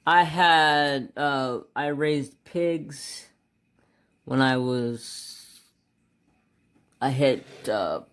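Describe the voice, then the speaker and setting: A man sits coloring and chatting casually, wandering between his choice of colors and a long story from his childhood. He mutters quietly while deciding and grows animated and louder as the story picks up, his voice sitting in an ordinary middle pitch. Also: very slow, long pauses, clean tone. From United States. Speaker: craft channel host.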